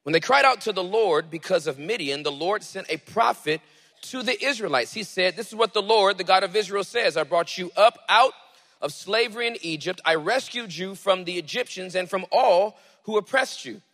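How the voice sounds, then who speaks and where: A man preaching a sermon, reading scripture dramatically and then teaching in a relaxed way. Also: high-pitched, normal speed, long reverb tail. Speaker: pastor.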